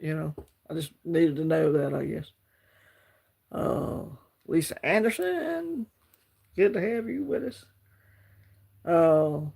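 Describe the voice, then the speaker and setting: A man's voice: a little high, creaky, darkish tone, slightly rough. A man with an Alabama Southern accent hosting a casual livestream, chatting in a laid-back, rambling way and greeting viewers by name. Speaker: livestream host.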